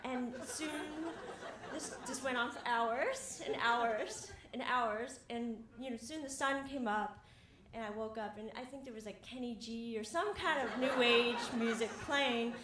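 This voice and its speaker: Her pitch fairly high and her pace a little slow, a young woman laughs often as she recounts a self-deprecating, wry story live before a theater audience. A crowd can be heard behind her, and the hall sounds roomy with faint ambience.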